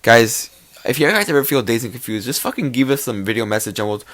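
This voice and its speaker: A young man hosting a casual podcast, loud and joking, swearing often and laughing easily. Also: medium pitch, expressive, fast talker. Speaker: podcast host.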